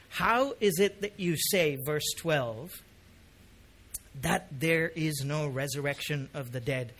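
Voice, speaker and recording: Male pastor, middle-aged, high bright voice, chatty sermon with impassioned peaks. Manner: conversational preaching that rises to impassioned emphasis.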